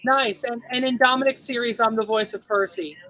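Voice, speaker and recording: A man's voice: extremely high pitch, steady tone, brisk, sharp tone, no room sound, poor audio. A young man streaming a racing game, chatting casually and muttering at the game as he plays. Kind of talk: casual livestream chat.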